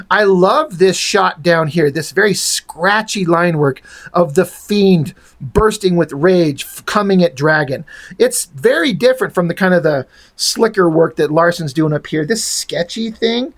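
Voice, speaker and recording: A man's voice: high-pitched, lively intonation, measured pace. Rambling man chatting about comics. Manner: rambling, frank, swears casually. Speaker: comic book reviewer. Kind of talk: casual chat.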